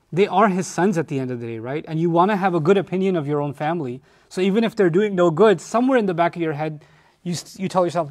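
A man giving a conversational Quran lesson, animated, explaining by acting out what people say. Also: on the high side. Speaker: Quran teacher.

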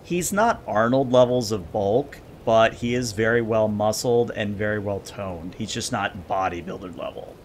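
Laid-back guy gm, lots of ums, faint rumbly hum behind. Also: moderate pace, few pauses. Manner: relaxed, with many fillers. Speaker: game master. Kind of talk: narrating a tabletop game.

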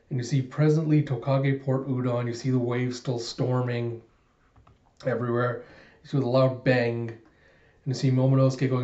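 Casual comic reviewer, rambly with fillers, mellow voice, roomy echo. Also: male voice, mid-range voice, level tone, normal speed. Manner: loose, rambling narration with many fillers. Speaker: manga reviewer. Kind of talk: casual comic chapter recap. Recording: roomy, dull lo-fi sound.

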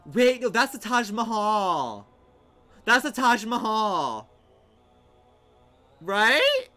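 Sassy, animated young male streamer. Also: high voice, extremely slow, soft background music. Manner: sassy, theatrical, swings to outraged shouts. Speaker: livestreamer. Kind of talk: casual gameplay commentary.

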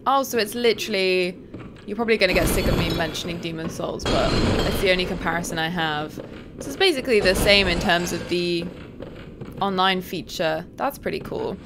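A young woman commentating her first playthrough of a game, chatty and quick to shriek and laugh at what happens. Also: on the low side, background noise. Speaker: gaming streamer. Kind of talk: let's play commentary.

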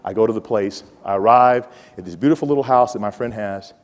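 A man in his forties giving a playful, animated motivational talk to students and calling out to the audience. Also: on the low side, fairly quick. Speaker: college president giving a talk. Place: large hall with a live audience. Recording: hall reverb.

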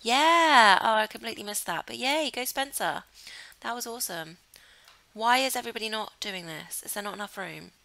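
A woman's voice: medium pitch, animated, brisk, creaky, bright, forceful tone. A young woman casually commenting while playing a life-sim game, chatty and giggly and gushing over what she sees. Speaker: gaming channel host. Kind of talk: casual let's play commentary.

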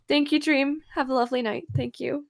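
A woman's voice: high-pitched, steady tone, measured pace, creaky, no echo. A woman from Canada on a livestream, giggling and tearful as she reads chat messages aloud. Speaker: streaming guest.

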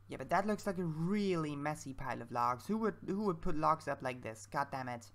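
A woman with a lowish, gravelly voice chats through her gameplay, thinking aloud as she goes. Her commentary is casual and self-mocking. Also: a bit bright. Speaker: let's-play creator.

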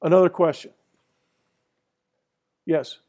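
A man's voice: fairly high pitch, fairly even intonation, takes it slowly, warm tone. A man giving a classroom lecture in a rambling, conversational way, with fillers and restarts. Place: lecture hall.

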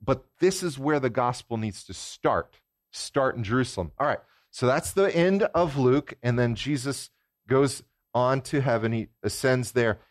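A man giving a sermon as guest preacher in a church, talking in a relaxed, conversational way and putting questions to the congregation. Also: medium pitch, unhurried, no echo, clean studio sound.

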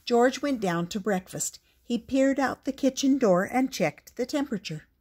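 An older woman reading a children's picture book aloud, gentle and deliberate, with little asides to the listener. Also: fairly high pitch, lively intonation. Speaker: storyteller.

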